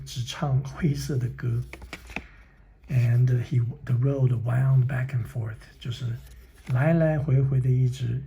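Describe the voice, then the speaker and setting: A man with a creaky, mellow, medium-pitched voice reads a children's book aloud slowly, acting as both reader and teacher. He stops to explain words in another language and sometimes drops to a whisper.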